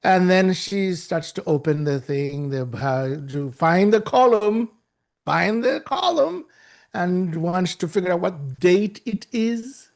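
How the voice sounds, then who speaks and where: A man giving a talk and telling a story in an animated way, acting out the people in it and repeating himself for effect. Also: a little high, a little slow. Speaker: guest speaker.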